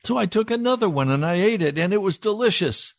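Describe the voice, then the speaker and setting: A pastor telling a personal story in an animated sermon. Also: male voice, sits high, fast, dry recording, clean studio sound.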